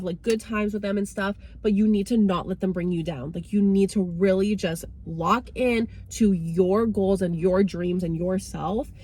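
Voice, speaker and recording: A young woman talks frankly and chattily to camera in a casual motivational vlog, peppering her sentences with "like" and "right?". Her voice sits at an ordinary pitch for a woman. A faint hiss of background noise runs under the recording. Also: darkish tone. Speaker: vlogger.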